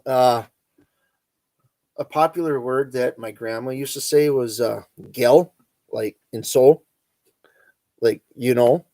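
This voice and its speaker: A middle-aged man with an Upper Midwest accent, hosting a relaxed, rambling chat and chuckling as he goes. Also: medium pitch, takes it slowly, pauses often, no echo. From northern Wisconsin. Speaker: host. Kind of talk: casual chat reading live comments.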